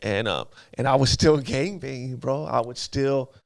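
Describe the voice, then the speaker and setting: A man's voice: medium pitch, normal speed, vocal fry, no room sound, studio quality. A man telling his life story in an interview, in casual street slang, often asking "you know what I mean". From Los Angeles area. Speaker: guest.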